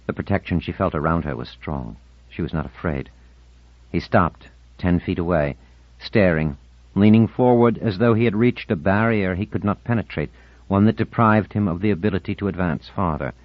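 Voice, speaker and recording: A man reading a novel aloud as an audiobook narrator, in a measured, expressive reading. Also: low-pitched, dry recording. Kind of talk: scripted narration. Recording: dull, dry studio recording.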